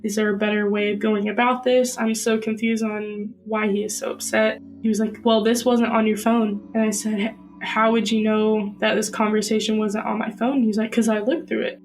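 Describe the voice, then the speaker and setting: A woman's voice: medium pitch, level tone, normal speed, poor audio. A young woman earnestly recounting a personal story in a podcast interview.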